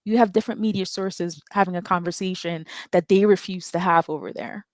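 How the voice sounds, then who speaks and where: A woman's voice: on the low side, steady tone, a little fast, no echo. A woman calling into a live audio chat, talking earnestly and emotionally and repeating her words when stirred. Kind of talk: impassioned call-in talk.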